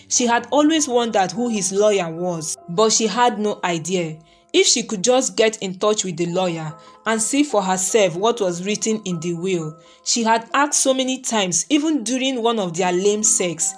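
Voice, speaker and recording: Woman narrating a story over soft music. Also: mid-range voice. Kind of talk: scripted narration of a folktale.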